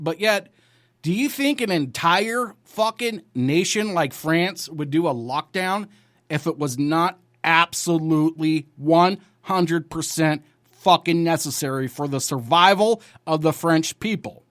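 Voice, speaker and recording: A man's voice: a little high, measured pace, a bit bright, no echo, studio quality. A man hosting a news commentary show, blunt and profane, ranting over headlines.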